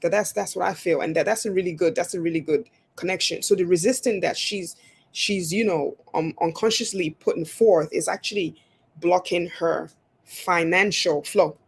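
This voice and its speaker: A woman's voice: fairly low pitch, moderate pace, creaky, husky. A woman talking as a guest on a video call, stammering and repeating words as she explains her card readings. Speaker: guest, spiritual reader. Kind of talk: casual chat over a video call.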